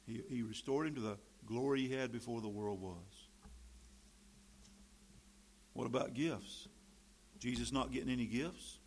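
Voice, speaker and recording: A man preaching a sermon, reading scripture and switching between emphatic, loud passages and quiet, folksy asides. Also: mid-range voice, measured pace, pauses often, a little hiss or hum.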